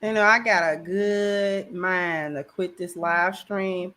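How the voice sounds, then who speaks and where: A woman's voice: on the low side, fairly even intonation, slow, pushed and bright. A woman hosting a livestream, talking casually in a slangy, rambling way on a camera mic. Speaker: livestream host.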